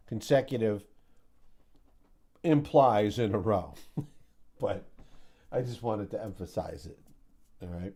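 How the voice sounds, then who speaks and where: A man's voice: sits low, warm tone. A man hosting a casual market recap, chatty and joking, with sound-effect mimicry. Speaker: host of a trading recap show.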